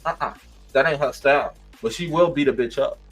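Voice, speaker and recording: A man's voice: mid-range voice, fairly quick, soft background music, rough recording. Sassy profane man ranting a review. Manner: profane, sassy and animated, laughing often. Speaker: reality show reviewer. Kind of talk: casual commentary rant.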